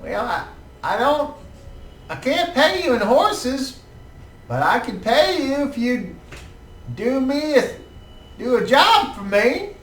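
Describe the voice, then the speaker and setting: A man's voice: extremely high pitch, very animated, slow, long pauses, fairly bright tone, pitched above the performer's own voice, exaggerated voice. A man voicing a meek, stammering old male tanner who asks for odd favors. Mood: wheedling. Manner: pleading, stammering, easily frightened. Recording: roomy, distant mic, faint music.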